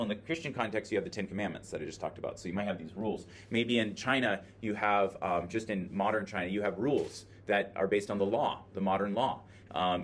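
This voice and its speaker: A man's voice: lowish voice, a little hiss or hum. A man teaching a classroom lecture, explaining ideas while thinking aloud with many filler words, recorded by a camera in the room. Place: classroom with a screen. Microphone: video camera in the classroom.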